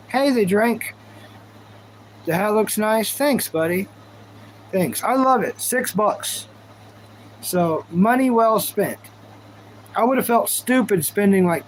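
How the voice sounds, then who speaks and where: A man's voice: sits high, lively intonation, takes it slowly, pauses often, a little hiss or hum, low-quality recording. A man chatting casually on a live stream, rambling and goofy, thanking viewers as he goes. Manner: goofy, rambling, talks to chat.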